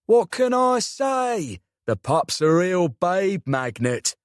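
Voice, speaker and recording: A man's voice: high voice, sing-song, slow pace, no room sound, studio quality, pitched above the performer's own voice, full character voice. A man voicing a brash, teasing middle-aged uncle with a South London accent. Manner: cheeky, teasing.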